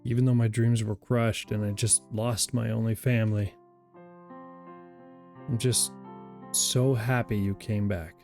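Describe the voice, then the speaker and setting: A man reading as a soft-spoken grieving young man. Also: lowish voice, little pitch movement, unhurried, long pauses, faint music behind. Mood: tender.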